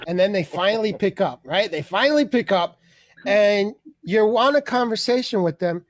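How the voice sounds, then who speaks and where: A man hosting a comedy open mic over a video call, telling stories loudly, laughing often and acting out voices. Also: sits high, animated, moderate pace, dry recording. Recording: noisy video call audio.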